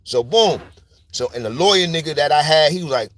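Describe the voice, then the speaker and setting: A man's voice: on the high side, animated, a little fast, dry recording. A man from New York with a New York accent, telling stories in a casual, slang-heavy monologue full of "you heard?" tags. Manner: street slang, repeats "you heard?" and "you know what I'm saying". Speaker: storyteller YouTuber.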